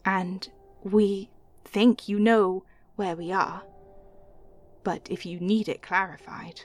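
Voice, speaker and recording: A woman voicing a sly, hushed patron goddess. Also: medium pitch, fairly even intonation, slow, close to an everyday voice. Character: red female patron deity, sly and bargaining.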